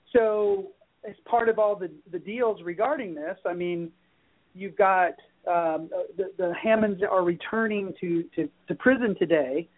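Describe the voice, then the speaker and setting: A man, a guest on a political talk show, explaining with halting restarts. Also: sits high. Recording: tinny phone-like line.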